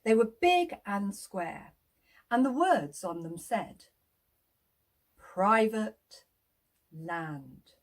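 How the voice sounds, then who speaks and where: A woman's voice: on the high side, big pitch swings, takes it slowly, a little mellow. A woman telling a children's story in a playful way, inviting listeners to act along.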